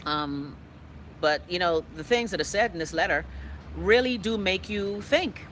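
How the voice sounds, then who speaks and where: Reading viewer comments aloud on her live online show, this Bahamian host chats casually and outspokenly indoors, adding playful dialect asides. Her voice sits on the low side, with lively intonation, a measured pace and a fairly bright tone. A little hiss or hum is audible.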